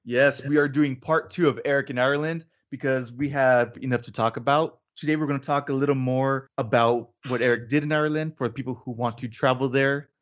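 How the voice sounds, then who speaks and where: A man hosting a casual podcast, relaxed and jokey, sometimes trailing off quietly. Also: mid-range voice, brisk, few pauses, muffled recording. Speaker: podcast host. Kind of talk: casual chat.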